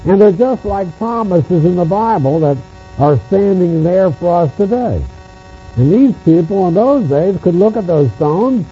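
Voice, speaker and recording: A man preaching a sermon on scripture, stressing his points by repeating phrases. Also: sits high. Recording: muffled lo-fi recording with mains hum.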